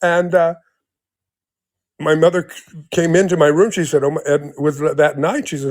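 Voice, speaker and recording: Older guy in his 70s rambling through a story, laughs a lot, kinda high voice, dry close sound. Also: steady tone, normal speed, pauses often, darkish tone, no echo. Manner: rambling, many restarts, laughs often. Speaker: guest. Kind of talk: casual storytelling in an interview.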